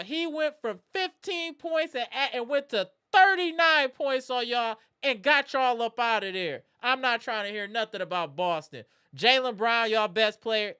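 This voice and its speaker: Brief: animated trash-talking basketball reaction host, bright, clean tone. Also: medium pitch, clean tone. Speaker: live sports reaction streamer. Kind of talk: casual sports reaction rant.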